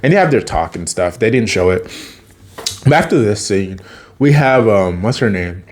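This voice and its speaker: A man's voice: lowish voice, very animated, normal speed, a little mellow, a little hiss or hum. A man casually retelling a TV episode, chatty, laughing often and acting out the characters' lines. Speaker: TV episode recapper.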